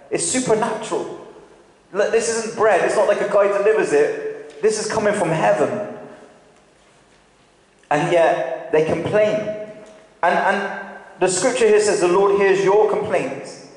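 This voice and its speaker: A man's voice: high-pitched, moderate pace, long pauses. A man preaching a sermon in a church, talking conversationally and asking the congregation questions. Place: church hall. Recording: very echoey hall with long reverb.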